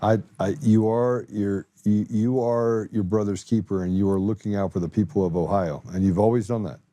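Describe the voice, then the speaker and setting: A middle-aged man hosting a podcast, bantering casually and telling stories in an animated, jokey way with frequent laughs. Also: fairly low pitch, dry recording. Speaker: podcast host.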